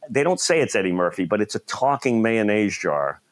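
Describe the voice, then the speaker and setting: Rambling, animated male comedian host. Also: on the low side, fairly quick, no echo. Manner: rambling, animated storytelling with laughs. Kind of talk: casual chat.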